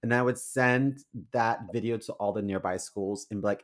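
A man's voice: on the low side, normal speed. Blunt, crude male podcast co-host. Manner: animated storyteller, blunt and crude. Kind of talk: casual chat.

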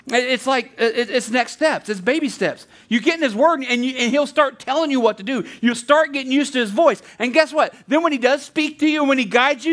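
Male pastor, very high voice, chatty sermon with asides. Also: animated, fairly quick, bright, forceful tone. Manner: conversational preaching with asides and repeated restarts.

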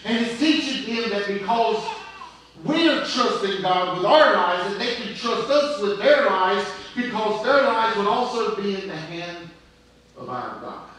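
A middle-aged male pastor preaching slowly and deliberately, letting his words hang between pauses. His voice sits a little high for a man. It is recorded from far off in a very echoey church sanctuary, with faint room noise underneath. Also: animated, a bit bright. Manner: storytelling preacher, pauses often, prays aloud. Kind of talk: sermon.

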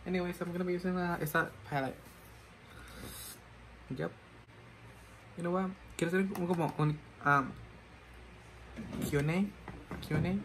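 A man's voice: sits high, steady tone, normal speed, pauses often, a bit bright, a little hiss or hum, low-quality recording. A man chatting casually while doing his makeup, rambling and self-mocking, switching languages mid-sentence. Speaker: makeup vlogger.

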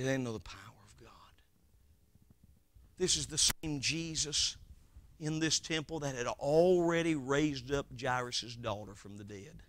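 A man preaching a revival sermon, swinging between loud shouted lines and quiet, hushed scripture quotes. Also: on the high side, no room sound.

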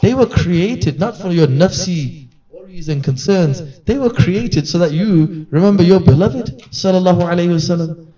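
A religious teacher with a high, animated voice and a dark tone speaks at a moderate pace, giving an earnest, conversational sermon-style reminder to a gathering and acting out quoted voices. Recorded in a gathering hall on a distant mic, the sound is dull and lo-fi.

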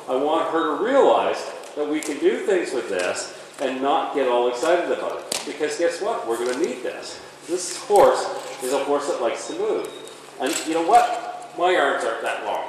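Male horse trainer, lively and emphatic, talking through a demo; distant, roomy arena sound with faint noise. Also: on the high side. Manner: emphatic, animated, talks through each step. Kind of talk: instructional demonstration.

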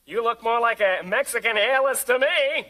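A woman's voice: on the high side, moderate pace, natural voice. A woman playing a joking male talk-show host in a comedy sketch, firing off punchlines. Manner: joking, upbeat, punchline delivery. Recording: noisy TV studio broadcast with audience.

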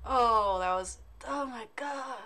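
A woman streamer hosting a casual gaming chat, excitable and giggly, swearing often. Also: fairly high pitch, slow, slight background noise.

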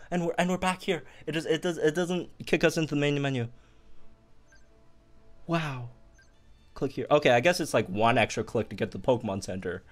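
A young man giving excited commentary on a game update, bursting into squeals and laughter as he talks to viewers. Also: medium pitch. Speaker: gaming youtuber.

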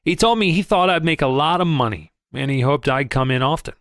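A man reading a first-person audiobook in a lively storytelling manner, close to the mic. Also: on the high side, brisk, no room sound. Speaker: audiobook narrator.

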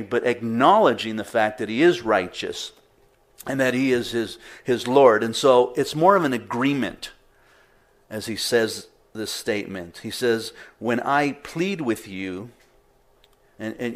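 A middle-aged man pastor giving a conversational sermon, with frequent fillers and repeated words. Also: medium pitch.

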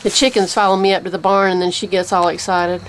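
A woman's voice: medium pitch, level tone, fast, a little hiss or hum. A woman who teaches about birds of prey, chatting casually outdoors by a barn and cooing baby talk to her birds. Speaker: bird of prey educator.

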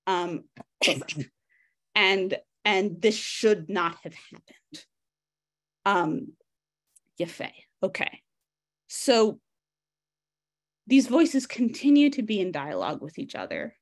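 A woman's voice: mid-range voice, very animated, takes it slowly, pauses often. A woman leading a text study over a video call, speaking conversationally, thinking aloud with frequent restarts and addressing participants by name. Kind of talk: casual teaching, reading and discussing a text.

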